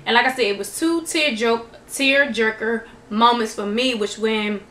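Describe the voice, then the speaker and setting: A woman casually recapping a TV show in a vlog, chatty and animated, quoting people as she goes. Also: a little high, a little slow. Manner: chatty, animated retelling with quoted dialogue. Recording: echoey room, faint noise.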